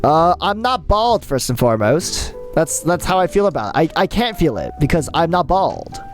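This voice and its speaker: A young adult live streamer chatting casually with viewers, excitable and chatty, often restarting sentences. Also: mid-range voice, moderate pace, faint music behind. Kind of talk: casual chat while reading stream chat.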